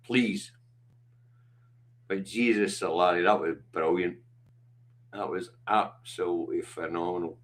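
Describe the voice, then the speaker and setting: A man's voice: sits low, steady tone, a little slow, pauses often, a bit bright. A middle-aged Scottish man hosting a livestream, talking bluntly and passionately with lots of swearing. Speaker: livestream host. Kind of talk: casual chat.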